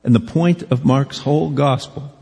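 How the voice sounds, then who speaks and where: A man's voice: mid-range voice, normal speed, vocal fry, a little mellow, husky. A male pastor delivering a sermon in an earnest, conversational way, often posing rhetorical questions to the congregation. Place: church sanctuary. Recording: long reverb of a large hall.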